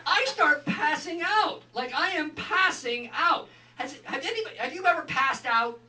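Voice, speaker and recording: A man's voice: very high-pitched, moderate pace, a crowd in the background. Man stand-up comic telling a story. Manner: animated, acts out quotes, rambling asides. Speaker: stand-up comedian. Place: live comedy venue. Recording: echoey room, far from mic, audience noise.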